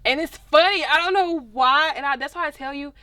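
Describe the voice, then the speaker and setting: A young woman, a singer telling stories in a casual interview, expressive and animated. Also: high voice, a little fast, dry recording. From Dallas, Texas.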